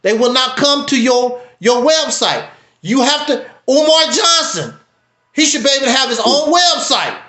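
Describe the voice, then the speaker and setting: A man hosting a livestream, talking in a casual, preachy, emphatic way with wide swings in pitch. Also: very animated, normal speed, sharp tone, reverberant. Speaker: livestream host. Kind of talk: casual commentary.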